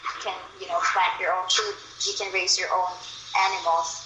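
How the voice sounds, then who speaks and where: A young woman from Manila with a Filipino accent talks casually and chattily, stringing thoughts together with plenty of fillers. Her voice is bright and clear. She sounds like she is in a roomy, echoing space with a faint hiss behind her. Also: on the low side, level tone, moderate pace. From Philippines, Manila. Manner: chatty, loose, with frequent fillers. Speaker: conversation partner. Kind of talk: casual chat. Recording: roomy echo.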